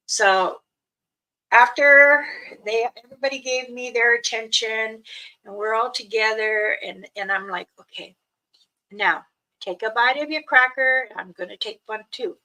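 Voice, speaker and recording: A mother casually telling a personal story, chatty and laughing often, acting out her children's voices and hushing her own quoted words. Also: fairly high pitch, unhurried, low-quality recording.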